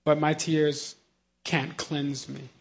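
High-voiced male preacher, shifting between soft and shouted. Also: level tone, slow pace, vocal fry, husky. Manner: builds to shouted hallelujahs, then drops to quiet earnest teaching; conversational, asks "you know what I mean?". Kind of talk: sermon.

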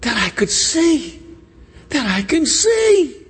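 A desperate blind beggar, as a preacher plays him, hollers for mercy in a strained, high, husky cry. Each plea rings out into a long hall reverb, as if the voice fills a large sanctuary. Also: male voice, monotone, moderate pace, a bit bright. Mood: pleading. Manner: hollering, pleading.

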